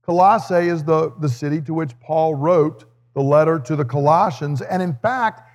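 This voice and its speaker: A man's voice: fairly high pitch, normal speed, in a large hall. A man preaching a sermon. He reads scripture, then teaches and explains it earnestly, with a touch of humor. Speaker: pastor.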